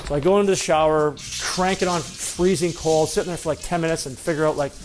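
A man's voice: a little high, steady tone, fast, a little hiss or hum. Rambling man telling a self-deprecating story. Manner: rambling, self-deprecating, frequent fillers and restarts. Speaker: former pro hockey player telling a story. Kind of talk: casual anecdotal storytelling.

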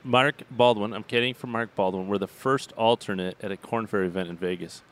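A man in his forties, a former caddie, telling a lively golf story on a podcast and laughing along. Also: on the low side, fairly quick. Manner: animated storyteller, laughing as he tells.

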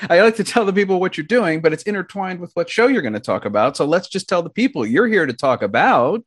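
A man hosting a podcast about cast albums, chatty and playful. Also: a little fast. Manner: chatty and playful, lively pitch. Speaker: podcast host. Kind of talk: casual podcast chat.

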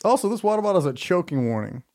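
A man co-hosting a podcast throws out crude jokes and quick asides in casual banter. His voice sits high and moves around a lot. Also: big pitch swings, a little mellow. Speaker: podcast co-host.

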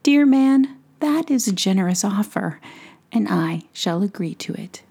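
A woman voicing a polite, bewildered fairy queen in a soft whispered role-play. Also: medium pitch, animated, measured pace, creaky, breathy edge, exaggerated voice. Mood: gracious. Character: lost gentle fairy queen, young woman.

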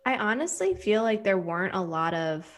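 A woman co-hosting a casual chat, talking in a relaxed, thoughtful way with lots of fillers. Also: mid-range voice, normal speed. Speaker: podcast co-host.

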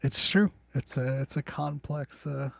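A man's voice: medium pitch, a little slow, gravelly, dry recording. A man chatting casually as a podcast co-host, often laughing and agreeing in short replies. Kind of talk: casual chat. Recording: dry, dull lo-fi sound.

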